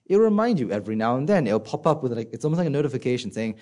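Mellow-voiced man giving a dharma talk. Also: very animated, rapid-fire. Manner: conversational, asks the audience rhetorical questions; acts out inner voices in a soft low voice. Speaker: Buddhist teacher.

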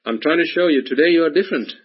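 A man's voice: a little high, very fast, slightly rough. A man giving a Buddhist dharma talk, repeating himself and asking rhetorical questions, on a dull lo-fi recording. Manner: repetitive, full of rhetorical questions. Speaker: Buddhist teacher.

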